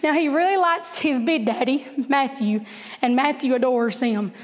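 High-voiced woman telling funny stories. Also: normal speed. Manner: chatty, self-mocking, laughs at her own jokes. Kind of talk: humorous storytelling talk to an audience. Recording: long hall reverb.

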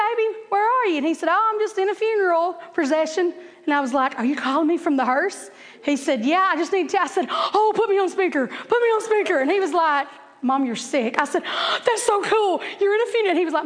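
A woman's voice: sits high, fairly bright tone. A woman, telling humorous stories to an audience and laughing at her own jokes. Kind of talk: humorous storytelling talk to an audience. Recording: long hall reverb.

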